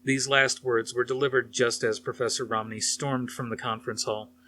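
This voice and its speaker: A man narrating a novel aloud in a steady, plain storytelling manner. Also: medium pitch, normal speed, a little hiss or hum.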